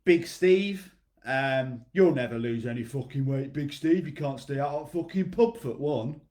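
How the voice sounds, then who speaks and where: Man doing a crude, loud Northern English pub mate, jeering and blunt. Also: medium pitch, unhurried, lightly acted.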